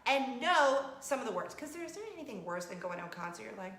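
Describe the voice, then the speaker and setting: A woman's voice: on the high side, brisk, hardly any pauses, reverberant. A woman vlogger, chatting casually and playfully with her viewers. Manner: chatty and animated, with laughs and playful asides. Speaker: vlog host. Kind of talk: casual chat.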